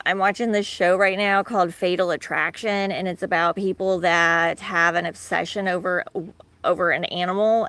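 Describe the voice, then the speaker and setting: A woman's voice: mid-range voice, fairly bright tone, no room sound. Chatty woman rambling on a live stream. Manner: rambling, chatty, laughs often, many fillers. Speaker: live stream host, tortoise owner. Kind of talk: casual live stream chat. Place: outdoors in a backyard.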